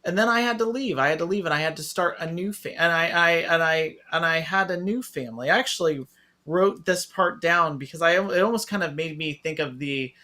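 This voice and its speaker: A man co-hosting a casual review podcast, talking in an excitable, animated way. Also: fairly high pitch, fairly quick. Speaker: podcast co-host.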